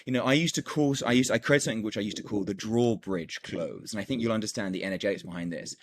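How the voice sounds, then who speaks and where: A man's voice: on the low side, fast talker, slight background noise. A man teaching a recorded sales course as a coach, enthusiastic, repeating words and filling gaps with "done, done, done".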